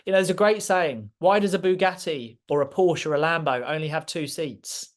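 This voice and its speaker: A man's voice: fairly high pitch, normal speed. A man delivering a motivational masterclass talk, emphatic and repeating key points for effect. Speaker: speaker.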